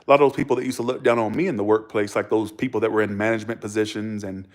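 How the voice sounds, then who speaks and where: A man telling stories to camera in a casual vlog, blunt and profane, animated and chuckling between remarks. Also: on the low side, rapid-fire. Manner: blunt, profane, animated storyteller who acts out arguments. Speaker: vlogger.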